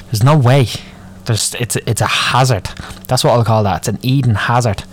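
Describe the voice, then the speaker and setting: A man's voice: mid-range voice, normal speed. Sweary Dublin man ranting. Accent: Irish, Dublin. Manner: moaning, sweary, rambling. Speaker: podcast host. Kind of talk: solo ranting podcast.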